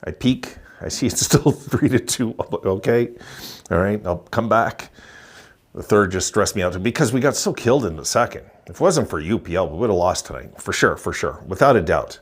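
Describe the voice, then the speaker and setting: A man in his sixties giving an excited, chuckling postgame rant as a hockey vlogger, repeating himself for emphasis. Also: sits low, brisk, few pauses, breathy edge. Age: 60s. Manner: gleeful, chuckling, emphatic repetition.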